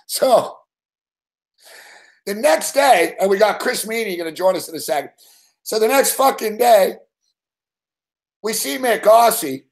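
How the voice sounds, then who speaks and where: A man hosting a live sports betting show, telling a rambling story full of swearing and laughing at himself. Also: high-pitched.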